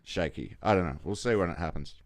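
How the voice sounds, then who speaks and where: A man's voice: low voice, fast talker, no echo, studio quality, faint music behind. A man hosting a casual solo podcast, rambling and swearing, with frequent restarts. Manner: rambling, profane, many restarts. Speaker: podcast host.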